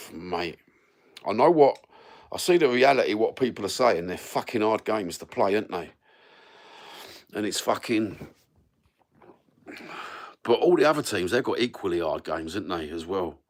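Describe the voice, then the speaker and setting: A man's voice: lowish voice, lively intonation, a little slow, long pauses. Sweary Cockney man in his fifties. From London. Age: 50s. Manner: rambling, sweary, blokey banter. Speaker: live stream host. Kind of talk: casual live-stream chat. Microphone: phone.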